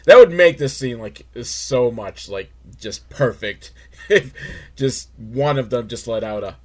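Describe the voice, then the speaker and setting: Man, comedy recap host, unhurried, mid-pitched, wry, rambling. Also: expressive, darkish tone. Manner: wry, rambling, many "like" fillers. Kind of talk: casual comedic commentary.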